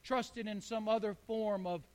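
A man's voice: high-pitched, steady tone, moderate pace, darkish tone, smooth, long reverb tail. A man preaching a fervent sermon in church, calling on the congregation to answer back. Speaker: pastor.

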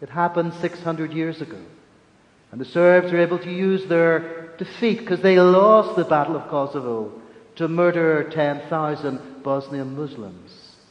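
A man preaching a sermon as a religious leader, measured, slowing down for emphasis. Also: on the high side, lo-fi sound. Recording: echoey hall.

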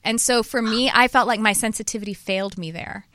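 A woman hosting an interview, telling stories in a rambling, animated way with many restarts. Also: a little high, brisk, no echo, clean studio sound. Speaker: podcast host. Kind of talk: casual interview chat.

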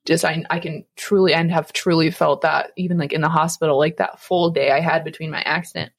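A woman's voice: low voice, steady tone, a little fast, husky. A young woman co-hosting a casual faith podcast, rambling with many fillers and frequent laughs. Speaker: podcast co-host.

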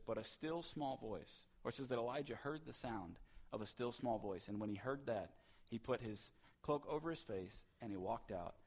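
A man in his thirties preaching a sermon in a church, swinging between loud and hushed delivery. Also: medium pitch. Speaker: pastor.

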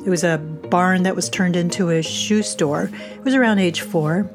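Over music, a podcast host from the US shares a scripted, amusing story in a self-mocking, wry tone. She speaks at a normal speed in a lowish voice.

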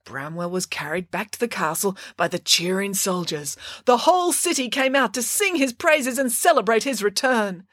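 A woman narrating a children's story in a playful, expressive way. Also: mid-range voice, normal speed, hardly any pauses, dry recording, studio quality.

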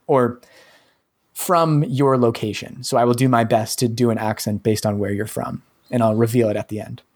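A man co-hosting a podcast in casual chat, easygoing and pausing between phrases. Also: mid-range voice, darkish tone. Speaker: podcast co-host.

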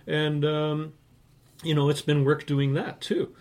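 A man in his sixties from Canada, talking as a guest, wanders through his memories full of fillers and chuckles. His voice sits fairly high for a man, and he tells his stories casually. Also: completely flat delivery, takes it slowly, a little mellow. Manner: rambling, many fillers, laughs at his own stories. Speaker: interview guest, writer and publisher. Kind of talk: casual anecdotal storytelling.

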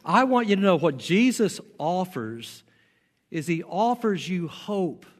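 Preacher with a faint Southern twang, echoing hall. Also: male voice, high voice. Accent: faint Southern American. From American South. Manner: emphatic, repeats key lines slowly for weight. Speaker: pastor. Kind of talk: sermon. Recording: long hall reverb.

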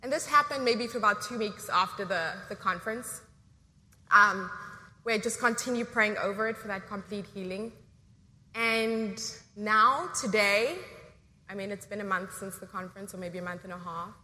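A woman's voice: mid-range voice, moderate pace, sharp tone, in a large hall. A woman with a South African accent, giving a heartfelt personal testimony and reading scripture in church. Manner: earnest, heartfelt.

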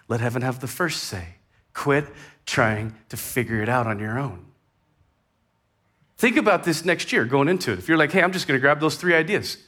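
A man preaching a sermon in a conversational way, rising in intensity and then dropping to a hushed tone. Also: mid-range voice. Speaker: pastor.

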